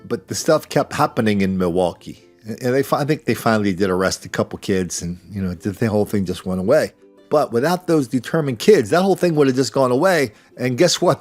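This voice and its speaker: An older man hosting a podcast, delivering a sarcastic commentary monologue and slipping into mocking impressions. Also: medium pitch. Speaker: podcast host.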